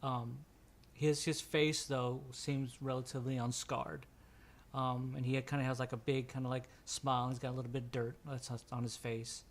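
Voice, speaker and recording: A man's voice: mid-range voice, flat delivery, normal speed. A young man running a tabletop game, narrating loosely with many fillers. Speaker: game master.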